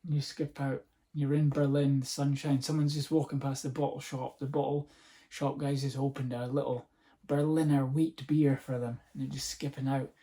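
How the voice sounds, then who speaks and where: A man's voice: mid-range voice, flat delivery, normal speed, hardly any pauses, mellow. A man hosting a podcast, rambling through a casual comic monologue, sarcastic and swearing freely. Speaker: podcast host.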